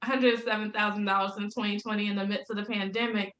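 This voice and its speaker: A woman's voice: medium pitch, level tone, fast talker, lo-fi sound, background noise. A woman in her thirties, a business coach talking as a podcast guest, upbeat and laughing often as she tells stories. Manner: upbeat, laughs often, faith-filled storytelling. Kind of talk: casual interview chat. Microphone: video call. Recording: roomy echo.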